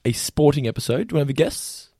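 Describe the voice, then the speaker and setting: A man, co-hosting a podcast in casual chat, animated and quick. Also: a little high, gravelly, breathy edge, no echo, clean studio sound. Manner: animated, quick, does quick quotes in character voices. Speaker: podcast co-host.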